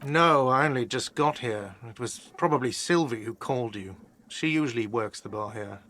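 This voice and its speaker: A man's voice: mid-range voice, normal speed, a bit bright, close to an everyday voice. A man voicing a grumpy, defensive cafeteria manager in a video game, curt and sarcastic.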